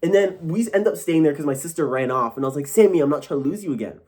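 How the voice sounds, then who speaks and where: A man's voice: fairly high pitch, rapid-fire. Rambling young man telling a story. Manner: animated, rambling, full of fillers like "like" and "bro". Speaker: vlogger. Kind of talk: casual storytelling to camera.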